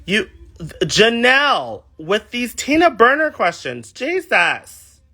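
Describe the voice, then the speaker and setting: Lively, bright-voiced young man chatting live. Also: sits high, takes it slowly. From California. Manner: animated, chatty, reads viewer comments aloud. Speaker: drag performer. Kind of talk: casual livestream chat.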